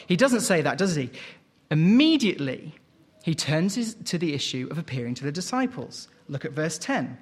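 A man preaching a sermon, expressive and questioning, reading scripture aloud and explaining it. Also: a little high, moderate pace, husky.

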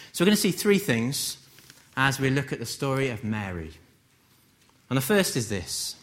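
Man from England, sermon, animated pitch, chatty and gently humorous. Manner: conversational, gently humorous, rhetorical questions. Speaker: preacher.

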